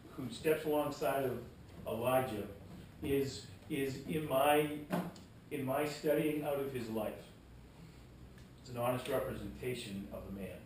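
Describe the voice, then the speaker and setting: Casting: male guest speaker, loose and repetitive delivery, distant mic, reverberant room with faint rumble. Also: a little mellow. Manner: rambling, repeats words, folksy asides. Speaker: guest speaker at a historical society. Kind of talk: informal public talk. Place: meeting room.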